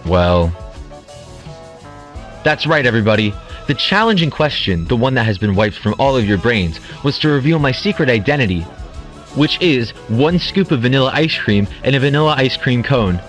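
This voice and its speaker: A man's voice: medium pitch, lively intonation, normal speed, a bit bright, faint music behind, close to an everyday voice. A man voicing a teasing male game show host who is secretly a glob of ice cream, in a comedic audio drama. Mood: smug. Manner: teasing, playful.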